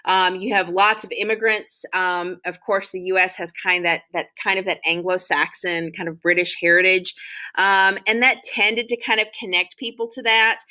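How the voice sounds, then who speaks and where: Bright-voiced woman giving a casual history lecture. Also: mid-range voice, steady tone, moderate pace. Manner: conversational, many ums and restarts. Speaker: history teacher. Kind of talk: classroom lecture.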